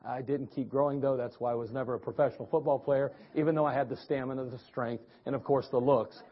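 A man's voice: mid-range voice, fairly even intonation, fast talker. A male pastor from preaching a sermon, telling a personal story in a folksy way with frequent restarts. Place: church sanctuary. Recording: dull lo-fi church recording.

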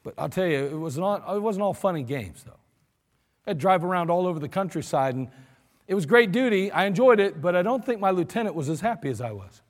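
A man preaching a sermon with storytelling and acting out the voices of the people in his stories. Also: sits high. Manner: animated storyteller, acts out voices. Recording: long hall reverb.

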